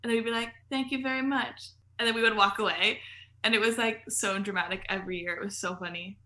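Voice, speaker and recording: Bright, chatty woman telling stories. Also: mid-range voice, flat delivery, quick pace. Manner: chatty, filler-heavy storytelling with frequent laughs. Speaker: podcast guest. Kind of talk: casual podcast chat.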